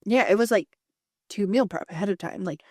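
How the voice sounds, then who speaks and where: A woman's voice: medium pitch, a little fast, dry recording, studio quality. A woman in her thirties co-hosting a podcast, telling stories in a chatty way with lots of fillers. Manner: chatty, storytelling, many fillers. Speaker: podcast co-host. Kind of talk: casual chat.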